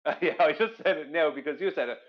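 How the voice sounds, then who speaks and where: A man's voice: a little high, fast, muffled recording. A man with an Irish accent making long, argumentative points in a casual online debate chat.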